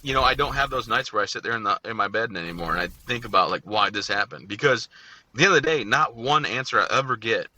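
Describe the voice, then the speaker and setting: A man's voice: lowish voice, expressive, fast talker, sharp tone, slight background noise, low-quality recording. A man in his thirties, a podcast guest telling his story candidly and acting out his own past words. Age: 30s.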